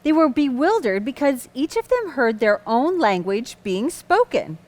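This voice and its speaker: A woman tells a Bible story to children in a high, animated voice. She stays patient and gently amused, steering the lesson back on course whenever it drifts. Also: a little slow, a little hiss or hum. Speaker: kids' lesson host and storyteller.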